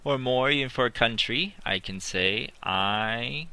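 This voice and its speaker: A man teaching English in a slow, deliberate classroom style, repeating his examples while writing them on a board. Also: mid-range voice, sharp tone. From not British.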